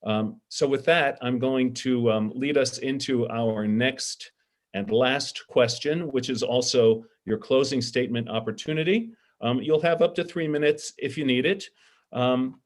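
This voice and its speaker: A middle-aged man moderates a candidate forum over a video call. His voice sits at an ordinary middle pitch, and he speaks earnestly and from the heart, filling pauses with ums.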